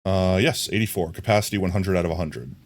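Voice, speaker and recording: A man streaming a game live, chatting in a relaxed, rambling way and thinking aloud to his viewers. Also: low voice, fast. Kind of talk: casual gameplay chat.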